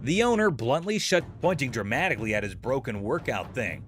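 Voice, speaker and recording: A man's voice: medium pitch, very animated, moderate pace, hardly any pauses, soft background music. A man narrating a show recap in a scripted, playful, jokey storytelling manner.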